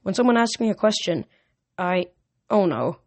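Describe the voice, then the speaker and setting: A woman reading a storybook aloud, voicing a teenage girl oracle in a soft, earnest, slightly shaken way. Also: medium pitch, sing-song, moderate pace. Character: teenage girl oracle, dazed but determined.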